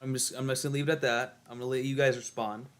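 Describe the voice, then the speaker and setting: A man's voice: mid-range voice, level tone, racing. A young man streaming a game and chatting casually with viewers, rambling with lots of fillers and restarts. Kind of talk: casual chat while gaming.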